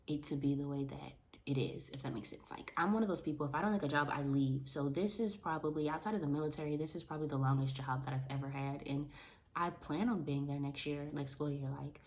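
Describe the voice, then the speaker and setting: Animated woman with a low voice. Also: fairly quick. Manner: animated, talks with her hands. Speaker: vlogger, school paraprofessional. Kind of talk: casual vlog chat to camera.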